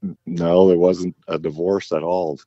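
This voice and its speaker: A man's voice: low-pitched, little pitch movement, measured pace, dark tone, no room sound, lo-fi sound. A man speaking as a podcast guest in casual chat, easygoing and wry.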